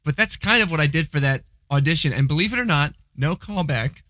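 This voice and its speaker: A man's voice: on the high side, lively intonation, a little fast, bright, forceful tone, no room sound. A young man co-hosting a podcast, chatting casually in a joking, self-deprecating way. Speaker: podcast co-host. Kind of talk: casual chat.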